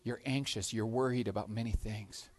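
A calm Jesus speaks low and hushed, with slow and tender words, voiced by a man in a sermon. The voice sinks well below the man's own and stays quiet and gentle. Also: natural voice.

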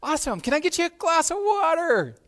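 A man doing a gushing falsetto houseguest. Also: big pitch swings, a little fast, fairly bright tone, full character voice. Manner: gushing, sing-song falsetto.

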